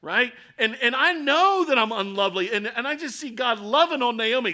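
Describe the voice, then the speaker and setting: High, bright-voiced male preacher. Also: lively intonation, a little fast, hardly any pauses. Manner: builds from quiet intensity to loud, passionate preaching; acts out quoted voices with rhetorical questions. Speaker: pastor. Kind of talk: sermon.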